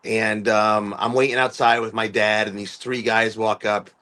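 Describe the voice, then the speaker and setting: A man's voice: fairly low pitch, little pitch movement, moderate pace, pushed and bright. Rambling man musician. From US East Coast. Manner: rambling, many fillers and restarts, acts out quoted voices. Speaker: musician guest. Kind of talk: casual conversational storytelling.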